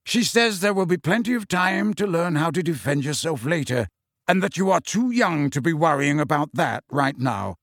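For an audiobook, a man gives voice to a bold, wry adult wizard who teases with confidence. He speaks expressively at a moderate pace, his voice on the high side and pitched above his own, in studio-quality audio with no room sound.

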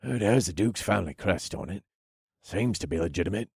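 A wary castle guard in an audiobook mutters low and grudging, voiced by a male narrator. The voice is deep and sits dry, close to the room. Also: lively intonation, a little fast, creaky, darkish tone, husky, no room sound, heavily acted.

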